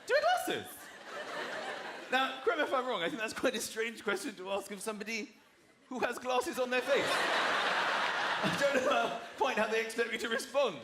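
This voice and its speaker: A man with a southern English accent performing a stand-up comedy routine, animated and slipping into quick voices for the people he describes. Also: extremely high pitch, very noisy. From southern England. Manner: animated, acts out characters in quick put-on voices. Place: large live comedy venue. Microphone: stage microphone. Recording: live stage mic in an echoey venue with a roaring crowd.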